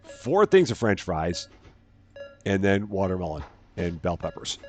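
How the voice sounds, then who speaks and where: A man's voice: sits low, sing-song, unhurried, darkish tone, soft background music. A man hosting a let's-play, chatting casually and narrating each task aloud, often correcting himself. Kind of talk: casual gameplay commentary.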